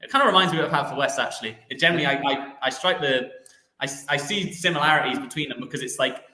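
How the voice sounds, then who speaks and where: A man's voice: on the high side, quick pace, sharp tone, roomy sound, poor audio. A young man, a footballer guest, telling stories in a casual chatty interview, rambling with lots of restarts and fillers.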